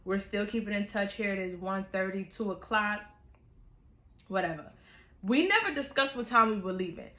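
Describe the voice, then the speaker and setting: A young woman vlogger from New York, telling a storytime in a chatty, animated way with casual slang. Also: mid-range voice, normal speed, roomy sound.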